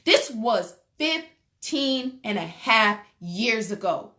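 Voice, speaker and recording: Woman, relationship speaker, preacher-like delivery, bright and pointed, unhurried. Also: fairly high pitch, lively intonation. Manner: emphatic, preacherly, addresses listeners directly. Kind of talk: motivational talk to an audience.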